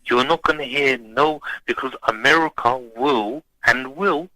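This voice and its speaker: Man, radio caller, insistent, very bright tone, mid pitch. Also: unhurried, dry recording, rough recording. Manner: emphatic, insistent. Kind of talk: call-in radio talk.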